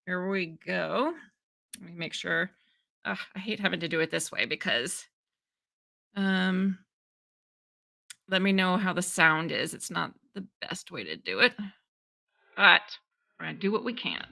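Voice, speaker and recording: A woman's voice: lowish voice, expressive, a little slow, creaky, long pauses, pushed and bright. A woman hosting a live stream, chatting casually and greeting her viewers by name. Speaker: livestream host.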